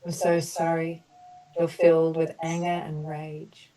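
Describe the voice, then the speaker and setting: A woman leading an online group healing session, slowly offering soothing apologies and then explaining in a loose, chatty way. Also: low-pitched, completely flat delivery, mellow, distant mic, poor audio. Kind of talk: guided emotional healing session.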